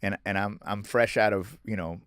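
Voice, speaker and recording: A middle-aged man, a guest author, telling stories in an animated, emphatic way on a podcast. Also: fairly low pitch, moderate pace, no room sound, studio quality. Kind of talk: conversational podcast interview.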